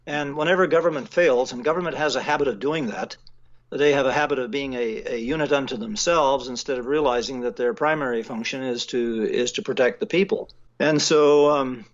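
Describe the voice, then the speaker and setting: Measured man on a dull lo-fi line. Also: mid-range voice. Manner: measured, halting with fillers. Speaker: guest writer. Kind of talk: casual phone interview.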